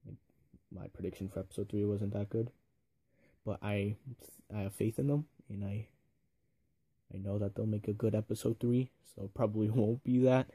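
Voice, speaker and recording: Gravelly young man rambling through a review. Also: fairly low pitch, steady tone, moderate pace, pauses often, mellow. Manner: rambling, filler-heavy, enthusiastic. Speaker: video reviewer. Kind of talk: casual rambling review vlog.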